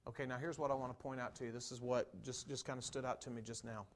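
A man preaching a sermon, conversational at first and rising to loud, emphatic declarations. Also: medium pitch, little pitch movement, fast talker, a little hiss or hum. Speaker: pastor.

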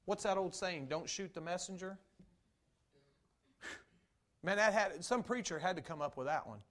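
A man preaching a sermon, conversational at first and rising to loud, emphatic declarations. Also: high-pitched, lively intonation, brisk. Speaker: pastor.

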